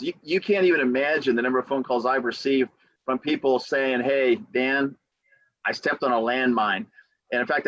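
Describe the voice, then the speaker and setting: A man who works as a real estate attorney, giving motivational advice on a podcast as an animated storyteller who acts out quotes and repeats key phrases for emphasis. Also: medium pitch, no room sound, dull audio.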